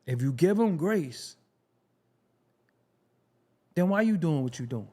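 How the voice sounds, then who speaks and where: A man with a somewhat high-pitched voice delivers opinionated commentary to his viewers. He hammers his points home with profanity and repeated phrases, then drops into a low, hushed tone for serious asides. The talk stays loose and conversational throughout. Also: animated, slow pace. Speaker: commentary channel host.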